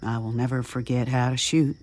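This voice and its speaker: A woman voicing a quiet young ex-soldier man. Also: rumbling low, little pitch movement, fairly quick, pitched below the performer's own voice. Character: young adventurous man, soldier's past, upbeat.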